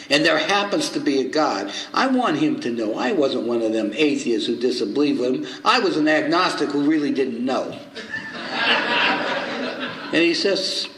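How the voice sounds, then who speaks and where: A man's voice: medium pitch, fairly quick. Older man telling a story in an echoey hall. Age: 70s. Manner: animated storyteller acting out both sides of dialogue. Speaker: recovery circuit speaker. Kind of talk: storytelling talk at a recovery meeting. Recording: echoey hall with faint noise.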